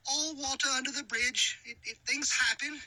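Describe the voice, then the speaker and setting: A man putting on a high-voiced Aussie-English prank caller. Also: steady tone, normal speed. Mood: friendly. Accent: mixed Australian and English put-on. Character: chatty male prank caller. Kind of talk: prank call bit. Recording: very noisy line.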